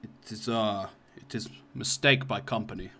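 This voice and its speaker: A man's voice: fairly low pitch, steady tone, moderate pace, sharp tone, slight background noise. A man putting on a clumsy Russian accent to voice a curt male starship captain in a tabletop game, speaking in broken, clipped English. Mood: clipped formal. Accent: Russian, put on badly.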